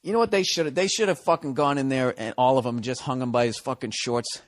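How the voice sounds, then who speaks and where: A man's voice: medium pitch, fast talker. A man ranting profanely and sarcastically in a monologue, mocking people with put-on quotes. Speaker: podcast host.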